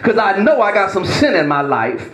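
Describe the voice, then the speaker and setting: A blunt churchgoer, high-pitched and lively, asks his pastor straight out, as a preacher speaks for him. The voice rings in an echoey church sanctuary. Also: normal speed. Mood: pleading. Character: plainspoken male churchgoer asking the pastor.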